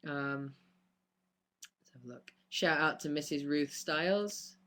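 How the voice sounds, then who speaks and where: A man's voice: a little high, a little slow, a bit bright, slight background noise. A young man, chatting casually on a live stream and answering fan questions with lots of ums and laughs. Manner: chatty, rambling, laughs often, many ums.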